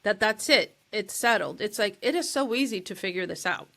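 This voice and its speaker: A woman's voice: mid-range voice, animated, moderate pace, gravelly, sharp tone. A woman co-hosting a casual podcast chat, rambling and often searching for her words. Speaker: co-host.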